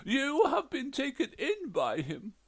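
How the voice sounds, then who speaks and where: A man's voice: very high-pitched, wildly swooping pitch, unhurried, a bit bright, slightly rough, voice pushed up, full character voice. A man voicing a furious, haughty ghost widow who snaps imperiously. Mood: demanding. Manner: imperious, snapping.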